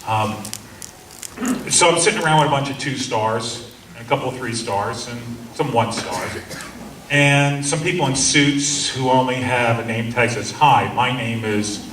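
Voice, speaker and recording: In a seminar room, a middle-aged man relates a story in earnest, acting out the officers he quotes. His voice is mid-range, fairly bright, and at normal speed, picked up by a distant mic with a roomy sound and faint hum.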